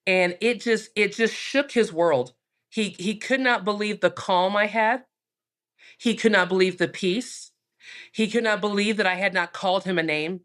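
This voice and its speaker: A woman, a minister and podcast guest, calmly telling a personal story with frequent fillers. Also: medium pitch, moderate pace. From United States.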